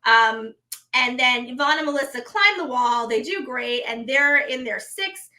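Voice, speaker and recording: A woman, co-hosting a show and recapping it in an animated, chatty way. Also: high voice, a little slow. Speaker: co-host, reality show recap. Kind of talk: casual chat.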